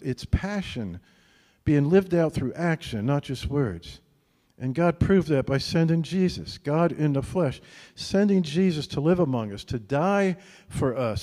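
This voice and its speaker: In a large hall, a man with a slightly high voice gives a sermon. He's a pastor with a relaxed, chatty delivery who often pauses on a quick "right?" to engage listeners.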